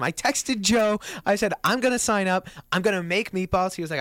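A man's voice: high voice, fairly quick, dry recording. A young man in his twenties co-hosting a radio show, telling a story in casual chat and acting out the quotes. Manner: animated storyteller, acts out quotes, laughs often.

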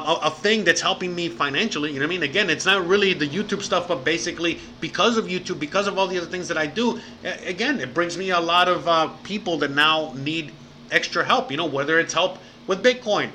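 A man's voice: on the high side, pushed and bright, a little hiss or hum. A man hosting a casual livestream, rambling and profane, saying bro and man a lot. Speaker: livestream host.

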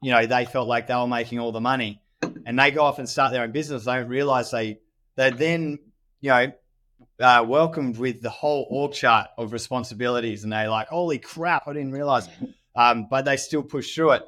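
A man's voice: medium pitch, fairly even intonation, brisk, bright, forceful tone. An Australian man hosting a podcast, speaking directly to business owners in a persuasive, coaching way. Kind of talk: casual podcast chat.

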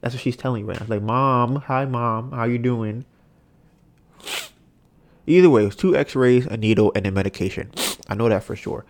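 A man's voice: on the low side, very fast, dark tone. Man in loose casual podcast chat. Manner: loose, joking, talks to a pet. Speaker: podcast host.

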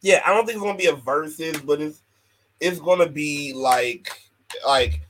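A man's voice: a little high, normal speed, a bit bright, slight background noise, poor audio. A man co-hosting a casual wrestling podcast, laid-back and chatty, often checking in with his partner. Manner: laid-back, keeps asking "you feel me". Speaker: podcast co-host.

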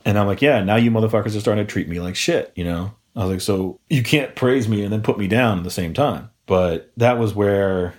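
A man's voice: on the low side, brisk, hardly any pauses. A young man co-hosting a podcast, casually telling a long story with plenty of swearing and quoted voices. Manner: profane, animated retelling with quoted voices. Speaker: podcast co-host.

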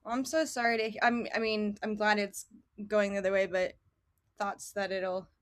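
A woman's voice: medium pitch, fairly even intonation, moderate pace. A woman hosting a podcast, chatting loosely with many fillers and laughing often. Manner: giggly, loose, lots of fillers. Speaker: podcast host. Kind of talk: casual interview chat.

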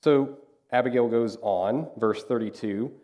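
Mellow-voiced man preaching casually. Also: medium pitch, measured pace. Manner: conversational preaching with acted-out asides. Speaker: pastor. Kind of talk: sermon.

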